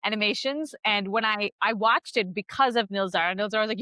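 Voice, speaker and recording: Talking fast at medium pitch, a female podcast host interviews her guest with a bright, forceful tone, recorded close and dry with no echo. Effusive and earnest, she frequently starts sentences over and breaks into laughs.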